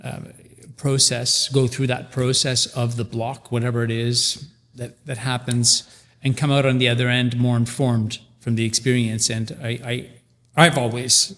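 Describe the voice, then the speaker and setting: A man's voice: medium pitch, level tone, moderate pace, a bit bright, long reverb tail. A man in his sixties hosting a podcast, talking reflectively with frequent restarts as he searches for words. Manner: thoughtful, searching, many restarts. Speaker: podcast host. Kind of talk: casual conversational interview.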